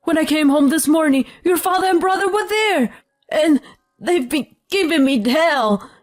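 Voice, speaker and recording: Whiny panicked husband, pitched well up and thin, as a woman narrator puts him on. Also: lively intonation, slow, faint music behind. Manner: pleading, high-strung. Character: panicky whining husband, adult man.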